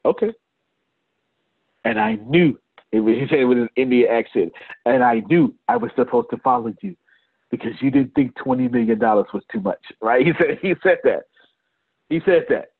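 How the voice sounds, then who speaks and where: A man leading a business coaching session on a video call. He talks in an animated way and addresses attendees by name. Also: on the high side, breathy edge, dry recording. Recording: tinny phone-like call audio.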